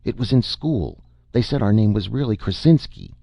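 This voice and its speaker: Brief: man reading as a young, furious, tearful boy, pitched up and shrill. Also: expressive, normal speed, creaky, warm tone, no echo. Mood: upset. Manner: raised, shrill, upset. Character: bullied eight-year-old boy, fierce and tearful. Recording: dull lo-fi dry recording.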